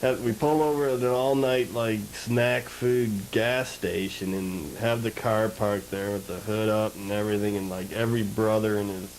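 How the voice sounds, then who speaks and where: A man co-hosting a casual chat show, trading wry remarks and slowly telling his own story. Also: fairly low pitch, fairly even intonation, a little mellow, a little hiss or hum, low-quality recording. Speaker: show co-host.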